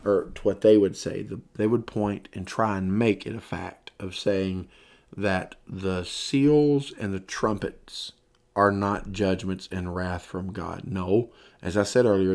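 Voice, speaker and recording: A man's voice: sits low, darkish tone. A tired man giving a Bible lesson, reading scripture aloud with rising emphasis and explaining it loosely with fillers. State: tired, yawning. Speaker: Bible teacher. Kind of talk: sermon-style Bible lesson.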